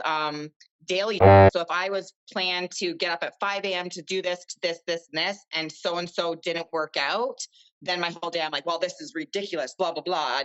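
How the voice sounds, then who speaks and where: A woman's voice: on the low side, fairly bright tone, clean tone, highs cut off. A woman in her thirties, a podcast guest chatting casually and rambling with lots of fillers. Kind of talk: casual chat.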